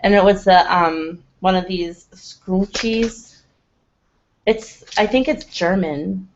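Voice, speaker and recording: A woman's voice: mid-range voice, slow, slight background noise. A woman hosting a casual livestream hangout, rambling and chatting with her viewers, laughing often and using lots of "like" fillers. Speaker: livestream host. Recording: slightly dull lo-fi webcam audio.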